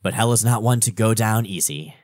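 A man's voice: fairly low pitch, a little fast, a little mellow, no room sound, studio quality. A man hosting a podcast, giving a casual, enthusiastic recap of a comic book story. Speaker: podcast host.

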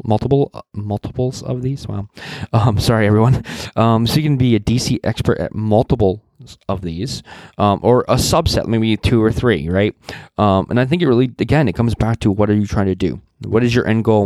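A man's voice: on the low side, a little mellow, dry recording. A man who is a little sick, giving earnest career advice in a rambling way, with many fillers and restarts. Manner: earnest, passionate. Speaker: networking career advisor. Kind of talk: casual advice talk.

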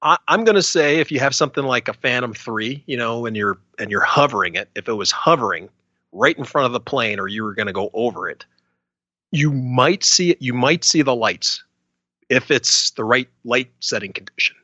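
A man's voice: medium pitch, brisk, sharp tone, no room sound, dull audio. A man co-hosting a casual podcast, rambling and hedging with lots of filler phrases. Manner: rambling, hedging, many "you know"s. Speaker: podcast co-host. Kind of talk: casual chat.

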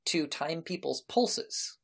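A woman's voice: sits low, animated, slow, vocal fry, breathy edge. A woman running a tabletop role-playing game, describing scenes and explaining details at a leisurely pace. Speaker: game master.

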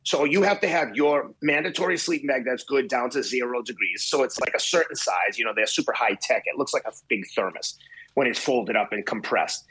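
A man in his fifties, a podcast guest telling a swearing, animated anecdote in casual chat. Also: mid-range voice, a little fast, husky. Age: 50s. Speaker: podcast guest, marathon runner.

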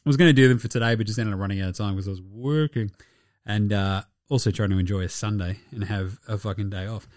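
A young Australian man hosting a casual solo sports podcast, sweary and laughing through animated asides. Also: fairly low pitch, fast talker, no echo, clean studio sound. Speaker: podcast host.

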